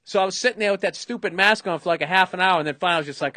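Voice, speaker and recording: A middle-aged man with a Boston accent tells a rambling comic story in casual podcast chat, cursing often and slipping into the voices of the people he describes. His voice sits a little high for a man. The sound is close and dry, with no room around it. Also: racing, no echo. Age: 50s. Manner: profane, animated storyteller, acts out other people's lines. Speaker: comedian, podcast host.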